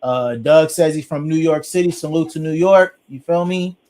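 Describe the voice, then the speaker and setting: A man's voice: a little high, moderate pace, darkish tone. A man from Long Beach, hosting a live stream debate, hyping up speakers and reading chat comments aloud. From Long Beach, California. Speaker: host.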